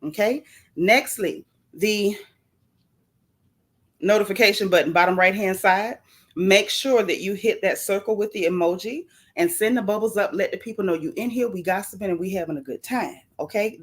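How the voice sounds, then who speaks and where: A woman hosting a casual gossip livestream, chatty and animated, greeting viewers from the chat with swooping, playful emphasis. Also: mid-range voice, breathy edge.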